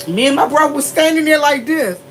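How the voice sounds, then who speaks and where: A woman telling a story to her viewers in a casual, animated way. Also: a little fast, slight background noise, poor audio. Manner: animated, laughing often, shifts into high squeals. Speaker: vlogger.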